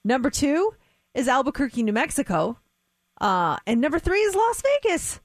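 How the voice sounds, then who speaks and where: A woman co-hosting a radio show, telling stories and reading news items in a chatty, lively way. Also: high voice, moderate pace, no echo. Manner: chatty storyteller, animated. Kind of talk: casual radio chat and news segment. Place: radio studio. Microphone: studio mic.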